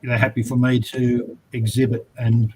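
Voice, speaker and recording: A laid-back Australian man hosts a casual chat, drifting through his point with frequent ums and restarts. His voice sits at an ordinary middle pitch. A light hiss runs under the recording. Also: flat delivery, moderate pace, darkish tone, rough recording. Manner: rambling, laid-back, many fillers. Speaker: host.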